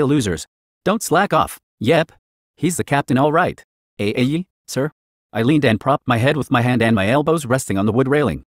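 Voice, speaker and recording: A man's voice: medium pitch, dry recording, studio quality. A man reading fan fiction aloud, narrating in the first person as a teenage girl.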